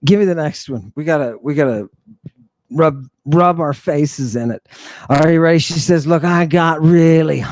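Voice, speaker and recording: A man's voice: fairly high pitch, normal speed, no echo. A man hosting a talk show, lecturing on ancient texts in a theatrical, mocking way, full of rhetorical questions and asides. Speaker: podcast host.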